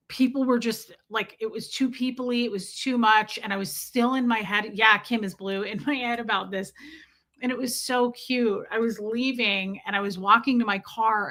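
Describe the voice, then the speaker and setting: A woman in her forties hosting a live stream, telling stories in an animated, exasperated, chatty way. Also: medium pitch. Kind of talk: casual live stream storytelling.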